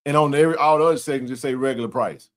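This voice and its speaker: A man cohosts a loose sports talk show. He talks at an everyday middle pitch, laughs a lot and tells his stories in an animated way. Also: racing. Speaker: co-host. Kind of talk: casual sports chat.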